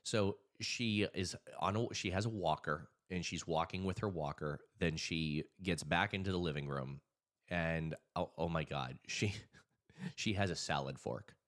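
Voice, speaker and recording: A man whose voice sits low speaks at a measured pace. He works as a hypnotist and anxiety coach and casually tells a story to camera before offering advice. An animated storyteller, he acts out the voices of the people in his story.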